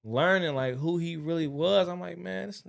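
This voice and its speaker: A man's voice: on the high side, moderate pace, creaky. A young man, co-hosting a casual podcast, telling a slangy, profane story about an old supervisor with many restarts. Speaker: podcast co-host. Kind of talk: casual chat.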